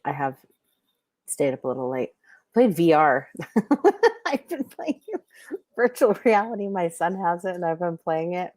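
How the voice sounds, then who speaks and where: A woman's voice: low voice, a little mellow, no echo, studio quality. A middle-aged woman hosting a livestream, chatting casually with viewers and giving intuitive readings, rambling with many fillers and restarts.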